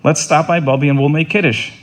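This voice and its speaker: A middle-aged man delivering a funeral eulogy in an earnest, halting way, often repeating words and restarting. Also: fairly high pitch, steady tone. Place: funeral service.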